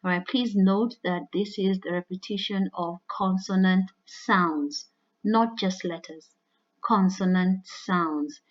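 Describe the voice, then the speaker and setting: A woman's voice: mid-range voice, takes it slowly, muffled recording. A woman, an English teacher, giving a recorded lesson that explains figurative language in a loose, conversational way. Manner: conversational with frequent "all right" and "you know".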